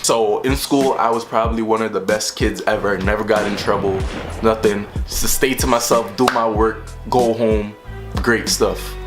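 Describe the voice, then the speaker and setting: A young man telling a storytime vlog in an animated way, acting out the voices of the people in his story. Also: lowish voice, moderate pace, over music. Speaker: vlogger.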